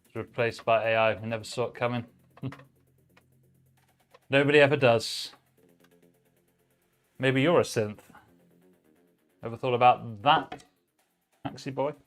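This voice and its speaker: In an unhurried, mid-range voice broken by long pauses, a man streams live over soft background music. He's building a PC and chatting easily with his audience, reading chat messages aloud as he goes.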